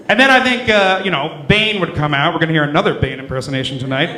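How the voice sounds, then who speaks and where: A man in his late twenties doing a stand-up set in a comedy club, dry and deadpan between sudden character voices. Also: fairly high pitch, fast talker, few pauses. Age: 20s. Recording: roomy club sound.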